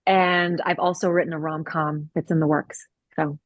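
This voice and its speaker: A woman's voice: deep voice, level tone, normal speed, no room sound. A woman writer and director speaking in an upbeat, determined way in an interview over a video call. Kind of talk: casual interview chat.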